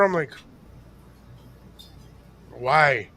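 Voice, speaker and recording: A man's voice: a little high, normal speed, creaky. An older man telling a story in casual chat on a podcast, acting out the voices of the people in it. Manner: animated storyteller acting out quotes. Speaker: podcast co-host.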